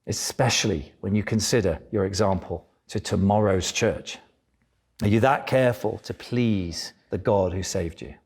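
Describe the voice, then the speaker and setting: Husky, low-voiced male preacher. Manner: animated preaching, acts out voices of biblical figures. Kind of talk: sermon.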